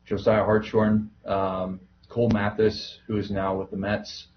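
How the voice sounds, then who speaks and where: Podcast guest, male, lowish voice, relaxed and rambling, dull lo-fi audio with faint hiss. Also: unhurried. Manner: easygoing, rambling with fillers. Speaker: minor league baseball broadcaster, podcast guest. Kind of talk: casual podcast chat.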